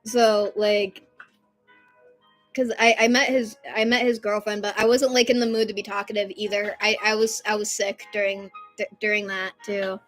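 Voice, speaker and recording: A woman in her twenties chatting casually and rambling on a live stream, loud at times. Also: medium pitch, little pitch movement, moderate pace, faint music behind.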